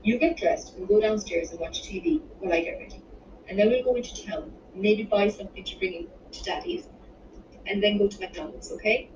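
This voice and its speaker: A woman voicing a thirty-something mother, bright and coaxing with her children. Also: medium pitch, brisk, slight background noise, natural voice. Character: warm Irish mother in her late thirties. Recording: distant roomy dull-sounding recording.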